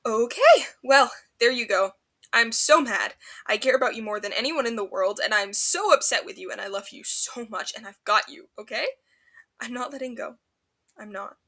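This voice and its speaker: A woman voicing an exhausted young man who speaks softly and soothingly, stopping and restarting as he goes. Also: on the high side, moderate pace. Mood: tender. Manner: breathy, soft, soothing with stops and restarts. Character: exhausted young man, upset yet tender.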